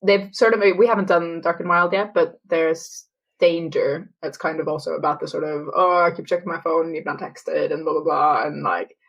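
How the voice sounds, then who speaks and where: A woman's voice: low voice, fairly even intonation, moderate pace, fairly bright tone, highs cut off. A woman co-hosting a podcast, chatting casually about song lyrics. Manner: chatty, paraphrases lyrics with dramatic read-outs. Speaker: podcast co-host.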